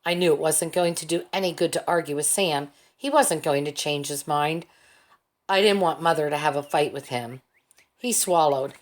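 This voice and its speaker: A woman reads a novel aloud in a calm, steady way. Her voice sits a little low and stays even. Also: normal speed. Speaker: audiobook reader. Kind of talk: audiobook narration.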